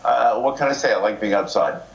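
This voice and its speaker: A man, a film director, answering press questions in a relaxed, plainspoken way. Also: fairly low pitch, fairly quick, creaky, muffled recording. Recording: echoey room with faint noise.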